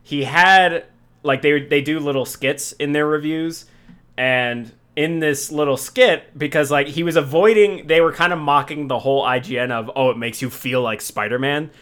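A man's voice: a little high, moderate pace, fairly bright tone, smooth. A young man hosting a casual chat show, telling a rambling, profanity-laced story with many restarts. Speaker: podcast host.

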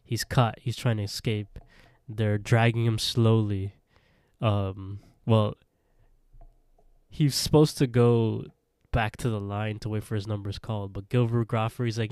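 A man's voice: fairly low pitch, fairly even intonation, a little slow, darkish tone, smooth, no room sound, clean studio sound. A man co-hosting a podcast, casually recapping an episode in a rambling way. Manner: rambling retelling with quoted voices and laughs. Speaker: podcast co-host.

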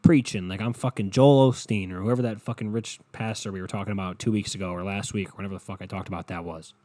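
A man's voice: fairly low pitch, steady tone, fast talker, mellow, dry recording. A young man hosting a solo podcast from his bedroom, rambling and swearing as he builds into impassioned rants. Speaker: podcast host. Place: bedroom at home.

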